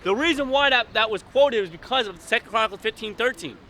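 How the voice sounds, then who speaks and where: A man preaching outdoors on a street in rough, blunt vernacular, hammering his points with emphasis. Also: sits high, lively intonation, fast, bright, forceful tone, a little hiss or hum.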